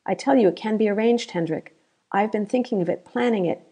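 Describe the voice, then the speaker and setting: A woman voicing a young woman who urges with calm confidence while hiding fear. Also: medium pitch, fairly quick, breathy edge, lightly acted. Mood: urging. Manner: urgent, coaxing.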